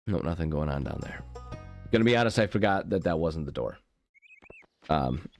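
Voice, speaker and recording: The recording is muffled as a low-voiced, animated gaming channel host talks at normal speed, pausing often. His casual let's play commentary is goofy and rambling, full of self-interruptions, set against game music.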